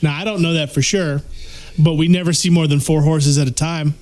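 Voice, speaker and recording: A man on a casual podcast, tearing into a movie's plot with blunt, profane remarks. His speaking voice sits a little on the high side. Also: fairly even intonation, brisk, darkish tone. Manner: blunt, profane, explains scenes at length. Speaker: podcast co-host. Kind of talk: casual movie review chat.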